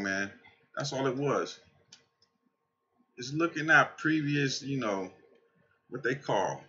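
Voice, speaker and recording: Excitable slangy man, dull lo-fi recording. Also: mid-range voice. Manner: excited, swearing, slangy, talks to viewers. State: tired from staying up all night. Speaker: crypto trading channel host. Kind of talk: casual screen-share trading commentary.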